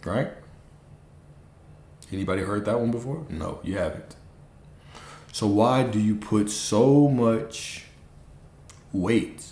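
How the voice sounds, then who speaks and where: Man, low voice, blunt preachy coaching talk, echoey room. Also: slow, long pauses, warm tone. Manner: blunt, preachy, profane, mocks listeners in high put-on voices. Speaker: manifestation coach. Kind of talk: casual livestream talk.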